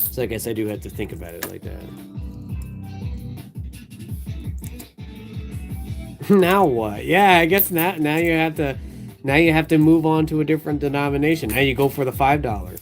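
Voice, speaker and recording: A man's voice: on the high side, fast talker. Rambling man chatting over music. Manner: rambling, laughs often, lots of fillers. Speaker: livestream host sorting coins. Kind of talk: casual chat. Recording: music playing behind.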